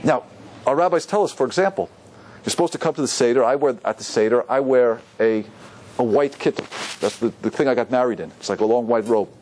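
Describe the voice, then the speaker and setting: A rabbi giving a lively Torah class to an audience, often asking them questions. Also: male voice, mid-range voice, a little fast. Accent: Ashkenazi Hebrew pronunciation.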